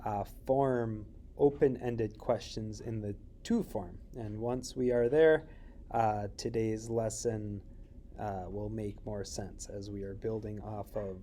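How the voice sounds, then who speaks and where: A man teaching a recorded Spanish lesson, explaining slowly with many fillers and checking questions. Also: lowish voice, steady tone, dark tone, slight background noise.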